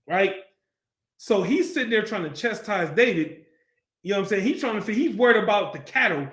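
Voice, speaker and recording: A man's voice: high voice, very animated, normal speed, reverberant. A man teaching a Bible class, keeps asking the class questions and acts out the story in street slang.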